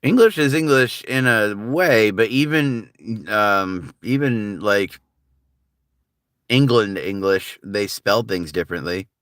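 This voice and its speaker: A man from the United States with a General American accent, chatting with his livestream audience in a laid-back, rambling way. His voice sits on the lower side but comes across bright and forceful. The sound is dry and close, with no room around it. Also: animated, slow pace, dry recording. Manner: laid-back, rambling, lots of filler words. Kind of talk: casual livestream chat.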